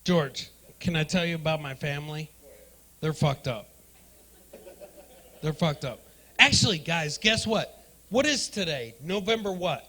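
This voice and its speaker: A man doing profane stand-up comedy in a club, riffing loudly with the crowd. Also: a little high. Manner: loud, profane, riffing with the audience. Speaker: stand-up comedian hosting the night.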